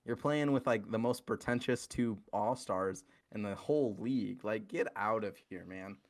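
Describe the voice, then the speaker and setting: A man's voice: on the low side, moderate pace. A man co-hosting a casual podcast, ranting in a heated, profane way about basketball teams. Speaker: podcast co-host. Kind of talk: casual sports chat.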